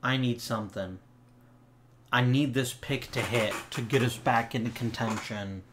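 A man's voice: mid-range voice, fairly even intonation, unhurried, slight background noise. A young man hosting a let's play of a baseball management game, talking through his choices and sarcastically snapping back at his own virtual players. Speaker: gaming channel host.

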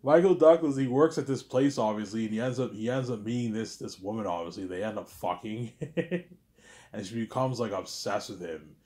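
A man's voice: on the low side, normal speed, dark tone. A man rambling in a casual monologue to camera, stumbling over his words, swearing freely, and leaning on the same filler phrases again and again. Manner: repeats "obviously" and "you know what I'm saying", stumbling restarts, crude slang. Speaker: vlog host talking to camera.

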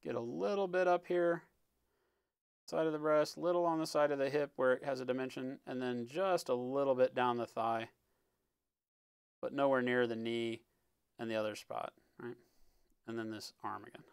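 A man talking through a live-stream painting tutorial in a relaxed, explanatory way, often checking in with "right?" and sometimes muttering as he works. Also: medium pitch, moderate pace, gravelly, pauses often, smooth, dry recording. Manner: muttering while working. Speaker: miniature painting instructor.

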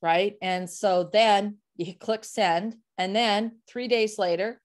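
A woman sales coach speaking as a podcast guest, explaining in an animated, emphatic way with vivid examples. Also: mid-range voice, takes it slowly. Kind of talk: casual interview talk.

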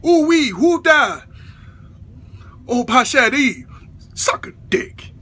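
A man rants to camera in a comedic vlog, exasperated and profane, breaking into shouts. His voice sits very high with a piercing brightness, and his pitch leaps around constantly. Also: sing-song, slow pace, slightly rough. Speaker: comedy vlogger.

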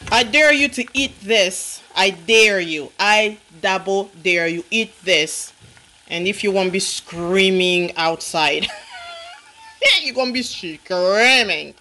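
Sassy and teasing, a woman cooking vlogger calls her viewers honey and keeps asking "okay?" through a casual cooking demonstration. Her mid-range voice is expressive, slow, bright and forceful, heard on poor audio with frying sizzling in the background.

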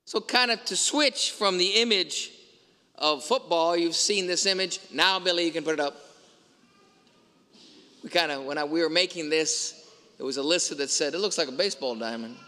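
A man's voice: on the high side, moderate pace, bright, forceful tone. A man preaching a sermon as a priest, telling a story and asking emphatic rhetorical questions. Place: large church. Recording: long church reverb.

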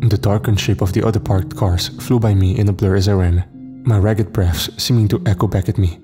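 A man's voice: on the low side, fairly even intonation, brisk. A man narrating a horror story in a tense, suspenseful scripted reading. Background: faint music.

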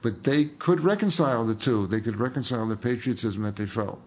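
A man's voice: mid-range voice, fairly quick, darkish tone. An older man, an author and filmmaker, telling rambling anecdotes in a casual interview, full of fillers and restarts.

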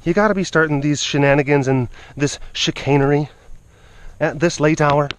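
A big cat keeper talks casually to camera, coaxing the animals in a playful voice that repeats phrases and sometimes drops to a hush. His voice is a little high, with fairly even intonation and a moderate pace.

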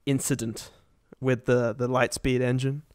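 A man with a smooth, clear voice, recorded dry and close, chats eagerly about a film on a podcast. He swears casually and laughs often. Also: medium pitch, level tone, measured pace, darkish tone, no echo. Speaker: podcast co-host. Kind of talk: casual movie discussion.

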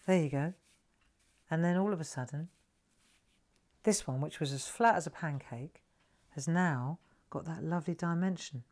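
A middle-aged woman hosting a live craft lesson, chatting gently and coaxing viewers to relax as she demonstrates. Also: low-pitched, normal speed, long pauses.

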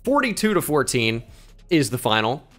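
A man's voice: mid-range voice, sing-song, moderate pace, a bit bright, soft background music. A young man giving casual, profane, joking commentary while playing a video game. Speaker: gaming YouTuber.

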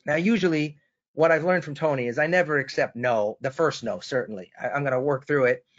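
Speaking a little fast in a fairly high voice, a man from Boston runs a sales webinar. He recounts a story with real enthusiasm, turning to call on his co-host by name, and the recording has the dull, lo-fi quality of webinar sound.

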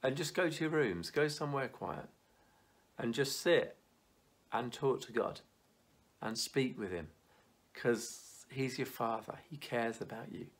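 A man's voice: medium pitch, unhurried, pauses often. Earnest man giving a youth talk. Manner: lively storytelling, dropping to quiet and earnest; stumbling restarts and fillers. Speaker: church youth leader.

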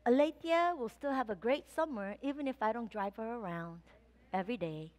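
A woman pastor delivers a sermon in a church, her voice sitting high. She tells a personal story in a lively way and acts out her own past thoughts as she goes. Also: normal speed. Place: church sanctuary.

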